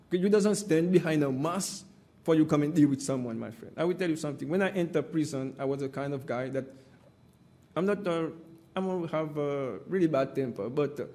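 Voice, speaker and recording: A man's voice: fairly high pitch, mellow. A man giving emphatic, impassioned testimony at an inquiry and repeatedly addressing the panel as "my friend". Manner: emphatic and repetitive, often says "my friend".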